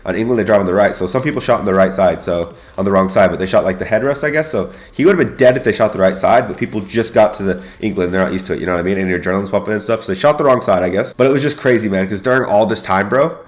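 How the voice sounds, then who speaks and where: Young guy, quick and profane, storytelling with a bro-heavy delivery. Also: lowish voice. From United States. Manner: profane, slangy, excitable, keeps saying bro. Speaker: YouTuber and Air Force veteran. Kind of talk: casual storytelling.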